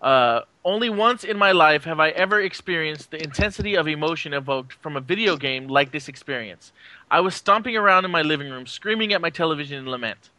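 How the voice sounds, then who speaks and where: A man hosting a podcast, talking casually with frequent fillers and pauses. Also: on the high side. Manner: relaxed, halting with fillers. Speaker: podcast host.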